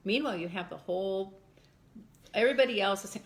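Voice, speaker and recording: An older woman, a mother, reminiscing in an interview with lively storytelling that acts out voices. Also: mid-range voice, fast. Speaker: mother of a former child actor. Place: home in Texas.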